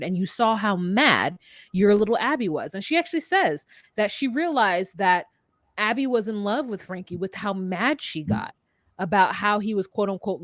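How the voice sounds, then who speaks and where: A woman's voice: mid-range voice, no room sound, studio quality. Blunt, bawdy woman recapping a show. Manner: blunt, bawdy, animated retelling. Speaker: podcast co-host. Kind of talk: casual recap chat. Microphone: video call.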